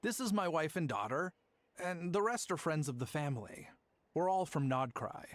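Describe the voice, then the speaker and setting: A man's voice: fairly high pitch, animated, normal speed, dry recording, clean studio sound, lightly acted. A man voicing a polite middle-aged merchant in a game, speaking courteously and apologetically.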